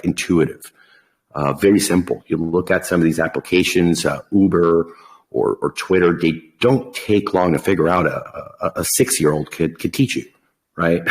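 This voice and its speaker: A man hosting a casual podcast, talking in a folksy, animated way full of long analogies. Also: sits low, poor audio. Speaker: podcast host.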